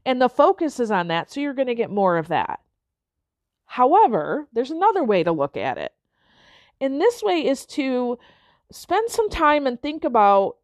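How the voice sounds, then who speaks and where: A woman speaks as a motivational coach, her voice sitting a little higher than most. She keeps checking in with her listeners with short tags as she talks them through an idea. The recording is dry and close, with no room sound. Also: dry recording. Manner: frequent checking-in tags like okay and right. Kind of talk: motivational talk to an audience.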